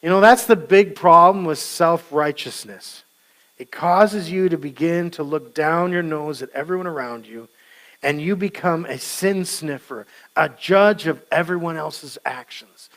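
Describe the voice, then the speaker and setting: A man's voice: on the high side, unhurried, fairly bright tone. A male pastor giving a conversational sermon, casual and joking and acting out scenes.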